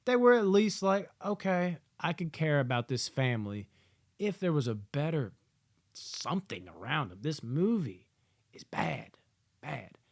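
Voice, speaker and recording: Profane animated male movie reviewer. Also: a little high, unhurried, vocal fry. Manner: profane, animated, acts out movie characters in loud yelling asides. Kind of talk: casual movie review rant.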